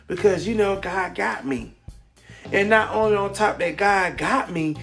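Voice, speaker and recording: A man's voice: sits high, unhurried, vocal fry, fairly bright tone, soft background music. Rambling upbeat man talking to camera. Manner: rambling, repeats words, many fillers. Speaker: vlogger. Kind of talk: casual motivational talk to camera. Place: indoors at home. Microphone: camera in front of him.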